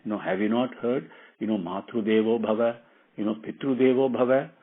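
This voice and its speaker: A man voicing a wise old male sage guru, speaking gently and reassuringly, on a tinny phone-like recording. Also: lowish voice, fairly even intonation, a little fast, natural voice. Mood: gently coaxing.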